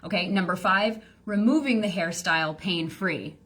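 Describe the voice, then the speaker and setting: A woman's voice: on the low side, normal speed, a bit bright, slightly rough. Chatty woman coaching on a live stream. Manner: chatty, rambling, lots of fillers and playful voices. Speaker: business coach. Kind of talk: casual live-stream teaching.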